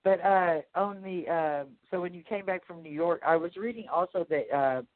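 A woman's voice: on the low side, moderate pace, no room sound. A woman with a Texas accent hosting an interview, chatty and enthusiastic. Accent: Texan. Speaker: host. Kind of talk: casual interview. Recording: tinny phone-like line, dry.

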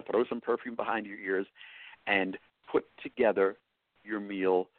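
A man's voice: lowish voice, dry recording. A man with a New York accent, a cookbook author giving blunt, matter-of-fact cooking advice as a guest on a talk show. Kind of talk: casual advice on a phone-in show. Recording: dry tinny phone line.

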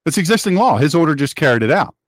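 A man's voice: fairly high pitch, very animated, fast, dry recording, clean studio sound. A man hosting a talk show, giving an opinionated monologue in an emphatic, sarcastic, preachy manner.

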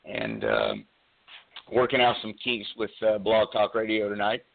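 A man hosting a talk radio show, speaking earnestly with many pauses and fillers while losing his voice, calling in by cell phone. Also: on the low side, sing-song, vocal fry. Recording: tinny cell phone line.

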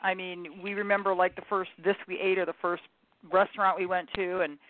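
A woman's voice: lowish voice, flat delivery, fairly quick, dry recording. A woman joining a casual podcast chat as a guest, speaking in an earnest, reflective way. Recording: tinny phone-like line.

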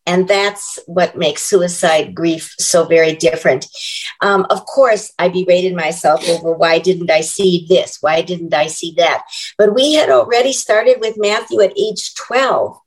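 A woman's voice: on the low side, rough recording. Reflective older woman interview guest. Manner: earnest, reflective, measured. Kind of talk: conversational interview.

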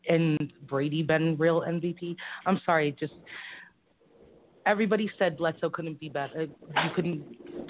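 A woman's voice: low-pitched, background noise. A woman with a Boston-area Massachusetts accent co-hosting a casual live talk show, rambling, frank and giggly. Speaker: co-host. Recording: tinny phone-like audio.

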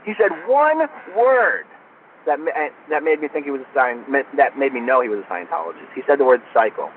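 Over a tinny phone line with faint noise, a Florida man appears as an interview guest, casually telling an anecdote and acting out the dialogue. He's an animated storyteller with a medium-pitched voice and a quick pace.

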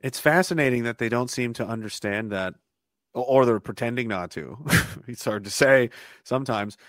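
A man from Canada, a podcast guest in casual chat, animated and laughing often between remarks. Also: mid-range voice, moderate pace, no room sound, clean studio sound.

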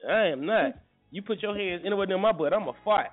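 A man's voice: sits high, quick pace. A man hosting a casual morning show, joking and cursing freely. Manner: joking, crude and profane. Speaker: radio show host. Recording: tinny phone-like sound with faint music.

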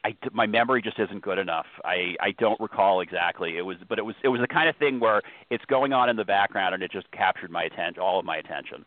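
A man's voice: low-pitched, fast, few pauses, no echo. A man hosting a casual talk show, chatting loosely and often breaking off mid-sentence. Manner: rambling, self-interrupting. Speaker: host. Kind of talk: casual podcast chat. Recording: tinny phone-line sound.

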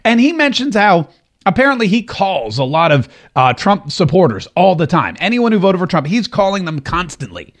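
A man's voice: sits high, sing-song, moderate pace. A man hosting a political commentary show, talking casually and animatedly, often stumbling over and repeating words.

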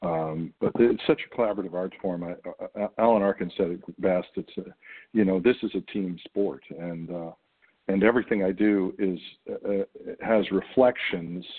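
A middle-aged American actor, there as a guest in a casual interview, talks in a very low, husky voice. He muses through his answers in a halting way, with frequent ums and restarts. The sound is thin and phone-like, as if over a narrow line.

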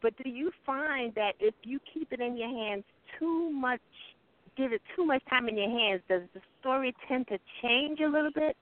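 Woman co-host, encouraging, fairly high voice, dry tinny phone line. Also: moderate pace. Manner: encouraging, many affirming murmurs. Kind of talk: casual chat.

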